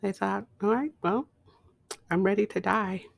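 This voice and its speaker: Slow, gravelly woman telling her story. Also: mid-range voice, no room sound. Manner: slow, reflective storytelling, dropping to a whisper at times. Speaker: podcast host. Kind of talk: personal testimony.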